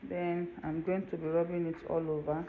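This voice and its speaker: In her home kitchen, a woman hosts a cooking tutorial, chattily walking through each step and checking in with the viewer. Her voice sits low with little pitch movement at a moderate pace, captured on dull lo-fi home video with faint room noise.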